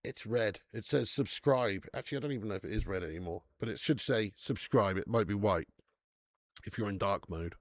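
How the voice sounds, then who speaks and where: A man hosting a football watch-along stream, swearing often and bantering with his chat in bursts of excitement. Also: fairly low pitch, brisk, no echo, clean studio sound. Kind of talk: casual live-stream chat.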